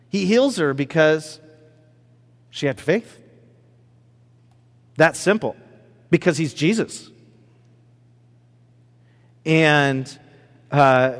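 A man preaching in a relaxed, conversational way, telling a personal story with lots of fillers and acted asides. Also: on the high side. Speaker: pastor. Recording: long hall reverb.

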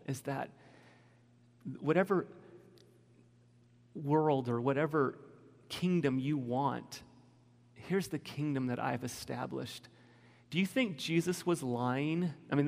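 A man delivers a candid, emotional sermon in a conversational way, his voice gravelly with creak. His voice rings with the long reverb of a church hall. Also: on the high side. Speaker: pastor.

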